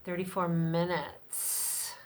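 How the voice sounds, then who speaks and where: Low-voiced middle-aged woman rambling on her vlog, lots of ums, swears a bit, super candid. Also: little pitch movement, slow pace, a little hiss or hum. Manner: acts out other people's lines in a much higher voice. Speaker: vlogger. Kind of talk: unscripted personal vlog chat.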